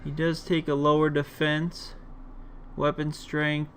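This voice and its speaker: Slow-talking man doing game commentary. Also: on the high side, slight background noise. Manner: relaxed, many fillers, rambling. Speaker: gaming video host. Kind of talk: casual gameplay commentary.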